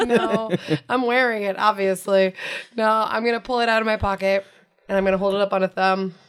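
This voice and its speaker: A woman's voice: mid-range voice, steady tone, fairly quick, smooth. A woman playing in a tabletop game, speaking in short, playful quips. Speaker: player. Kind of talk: casual tabletop game chat.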